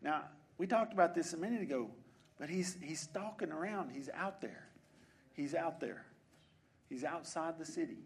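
High-voiced male preacher. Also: moderate pace. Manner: repetitive, soft then building, rhetorical questions. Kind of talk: sermon. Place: church.

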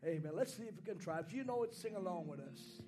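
Hoarse, fervent preacher man. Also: sits high, animated, fast talker, soft background music. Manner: fervent, shouting preacher with call-and-response. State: hoarse from a sore throat. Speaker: pastor. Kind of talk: sermon. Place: church sanctuary.

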